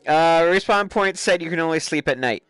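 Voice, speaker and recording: A man hosting a live stream, chatting excitedly and laughing as he plays a game. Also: on the high side, normal speed, clean tone, dry recording, soft background music. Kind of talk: casual gameplay commentary.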